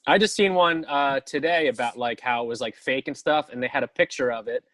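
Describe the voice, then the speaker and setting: A man's voice: mid-range voice, a little fast, a bit bright, dry recording. A man co-hosting a casual podcast, talking loosely and swearing freely. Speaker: podcast co-host. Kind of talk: casual chat.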